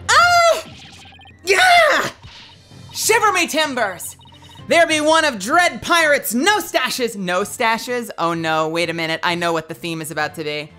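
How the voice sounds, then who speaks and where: A woman's voice: medium pitch, lively intonation, moderate pace, over music, close to an everyday voice. A woman voicing a young female aquarium trainer who talks in hammy pirate speech with a put-on Scottish accent.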